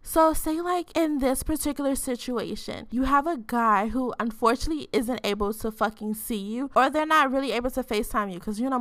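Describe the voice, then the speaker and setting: A woman's voice: fairly high pitch, sharp tone, no room sound, clean studio sound. A woman hosting a podcast, tipsy and talking frankly in a loose, profane, rambling way full of filler words. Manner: says she code-switches into a different voice on the podcast. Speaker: podcast host. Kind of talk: casual frank sex-advice chat.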